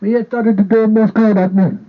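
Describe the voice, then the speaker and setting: A man's voice: sits high, little pitch movement, a little fast. A man chatting in a playful, repetitive way while making a casual vlog, holding a handheld microphone and talking to a partner off camera. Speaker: vlogger. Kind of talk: casual rambling vlog chat. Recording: tinny phone-like sound.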